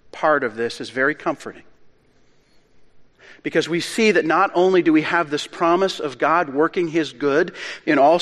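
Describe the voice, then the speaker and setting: A male pastor delivers his sermon in earnest, measured phrases. His voice sits a little high for a man. It carries through a large hall with a long ringing reverb. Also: a bit bright.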